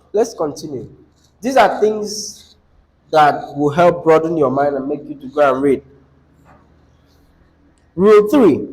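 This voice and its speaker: Slow-spoken man teaching a class. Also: a little high, rough recording. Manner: asks the class questions, repeats key phrases. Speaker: English teacher. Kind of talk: classroom lesson.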